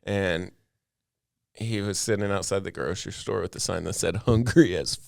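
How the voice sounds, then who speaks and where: A man's voice: low-pitched, flat delivery, normal speed, vocal fry, dry recording, studio quality. A man hosting a casual comedy podcast, talking in a loose, rambling way with lots of filler words and frequent laughter. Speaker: podcast host.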